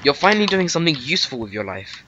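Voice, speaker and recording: A man's voice: a little high, sing-song, racing, muffled recording. A man hosting a casual gameplay commentary, bickering with his co-player in a mock-indignant, sarcastic way. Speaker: gaming channel host. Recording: noisy home recording with keyboard clicks.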